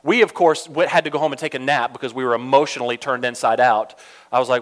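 A young man from Georgia telling a funny personal story in an animated, chatty way, full of asides. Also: medium pitch, fast.

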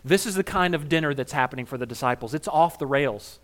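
A male pastor preaching a sermon in a conversational, wry way, retelling scenes with humor and swinging between quiet and emphatic moments. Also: on the high side, lively intonation, fast talker.

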